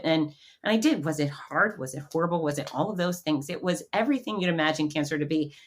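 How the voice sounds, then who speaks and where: Middle-aged woman, lower voice, podcast guest, animated storyteller. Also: fast, few pauses. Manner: animated storyteller who acts out quotes.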